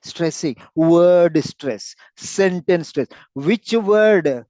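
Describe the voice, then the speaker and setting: A man's voice: on the high side, lively intonation, extremely slow, mellow, no room sound, poor audio. A man teaching a lesson on word and sentence stress for clinical speaking, stressing and repeating words to show the point. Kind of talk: lecture on clinical speaking skills.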